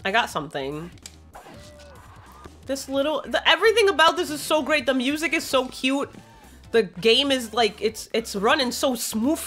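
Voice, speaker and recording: A young woman in casual let's-play commentary, bubbly and gushing with self-deprecating asides. Her voice is bright and a little high. Her pitch leaps about with animated swings. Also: normal speed, faint music behind. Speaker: gaming streamer.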